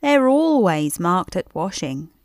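A woman's voice: lowish voice, very animated, slow, darkish tone, dry recording. A woman voicing a small, anxious, polite hedgehog washerwoman in a storybook, with eager-to-please chatter. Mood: busy. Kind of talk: storybook character voice.

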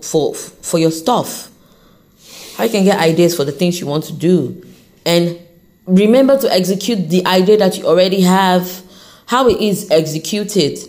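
A woman talks off the cuff on her own podcast, cheering the listener on like a friend. Her voice sits low and mellow, yet her pitch swings widely as she speaks. Her accent drifts from one sound to another as she talks. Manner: encouraging, animated, talks straight to the listener; accent shifts while talking. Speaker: podcast host. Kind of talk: unscripted motivational talk.

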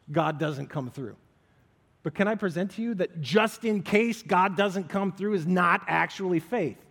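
A man with a high voice gives a casual, lively sermon as pastor, acting out the voices he quotes. His words ring with the long reverb of a hall.

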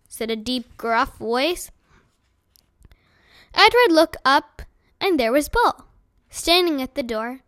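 A woman gently reading a children's novel aloud as narrator. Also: high-pitched, lively intonation, slow pace, dry recording, studio quality. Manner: gentle storytelling.

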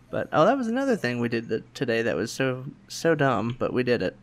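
A man, telling a family story in casual chat and acting out the quotes in raised voices. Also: moderate pace. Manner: animated, acts out quotes in higher voices, laughs often. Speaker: podcast host.

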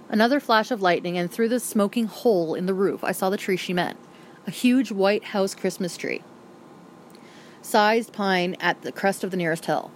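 A woman narrating a first-person novel aloud as an audiobook reader, with brisk and vivid storytelling. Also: medium pitch, a little hiss or hum.

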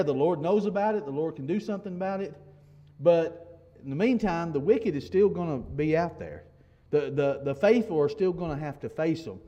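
A man's voice: on the high side, warm tone. A male pastor preaching a sermon in a conversational way, with frequent restarts and "you know"s, then rising to emphatic declarations.

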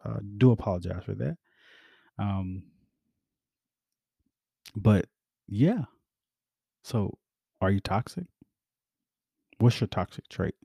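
A man's voice: fairly low pitch, expressive, takes it slowly, gravelly, pauses often, dark tone, slightly rough, no room sound, clean studio sound. A man hosting a podcast, talking in a casual, rambling, reflective way with many fillers and restarts, and closing with encouragement. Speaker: podcast host.

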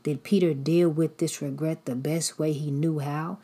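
A woman's voice: sits low, steady tone, normal speed, warm tone, breathy edge. A woman preacher giving a sermon in a repetitive, rhythmic cadence.

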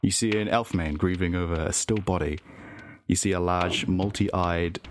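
A man narrating a tabletop role-playing game as game master, slow and measured with filler words. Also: deep voice, fairly even intonation, slight background noise.

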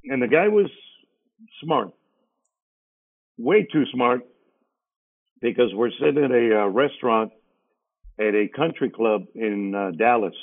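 A middle-aged radio DJ from San Antonio, Texas, appears as an interview guest, casually telling stories and acting out other people's lines like a lively storyteller. His voice is medium in pitch and a little slow, with frequent pauses. The recording has a narrow, phone-like sound.

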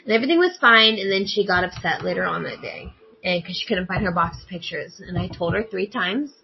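A woman's voice: on the low side, fairly quick, vocal fry, dull audio, slight background noise. Woman animatedly telling a family story. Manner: animated, acts out quoted dialogue. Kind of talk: casual storytelling conversation.

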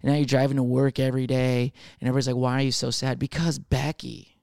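A young adult male comedian riffs through a casual, rambling monologue, swearing often and slipping into quick impressions of other people. His mid-range voice is creaky and darkish with little pitch movement, recorded in clean studio quality with no room sound.

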